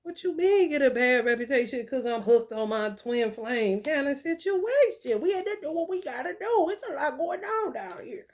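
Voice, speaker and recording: A woman giving casual spiritual commentary, profane and animated, with laughing asides. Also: high-pitched. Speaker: spiritual reader.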